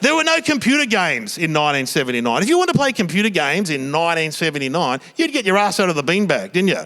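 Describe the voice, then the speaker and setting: A man's voice: fairly high pitch, sing-song, fast, pushed and bright. An Australian man in his fifties telling stand-up stories to a live audience, swearing and acting out family dialogue. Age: 50s. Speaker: stand-up comedian. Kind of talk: stand-up routine. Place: theatre stage before a live audience.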